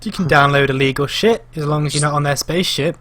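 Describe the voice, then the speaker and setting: A young man in a casual podcast chat with friends, his voice a little high. He speaks bluntly, waves ideas off and swears freely. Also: fast talker, a bit bright. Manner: blunt, dismissive, swears often. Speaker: podcast co-host.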